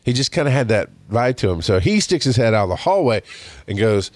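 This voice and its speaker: A man in his forties hosting a podcast, telling stories in a rambling, animated way with lots of restarts. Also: medium pitch, fast talker, dry recording. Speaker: podcast host. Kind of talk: casual storytelling monologue.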